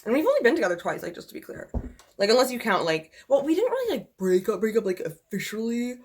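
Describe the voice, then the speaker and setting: A woman's voice: fairly high pitch, sing-song, fast talker, breathy edge. A young woman vlogging in casual chat. She vents bluntly and profanely, rambling with constant fillers. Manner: venting, exasperated.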